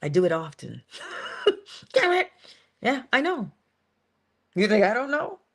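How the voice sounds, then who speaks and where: A woman's voice: mid-range voice, very animated, measured pace, fairly bright tone. A woman giving an earnest but casual inspirational monologue as a motivational speaker, talking conversationally with sudden emphasis.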